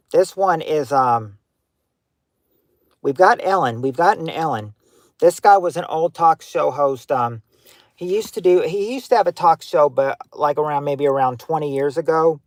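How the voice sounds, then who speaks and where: A man hosting a casual livestream game night, giving clues to players in a halting way, full of ums and restarts. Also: fairly high pitch, lively intonation, no echo. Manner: halting, hunts for words with many fillers; gives clues to players, talks to chat.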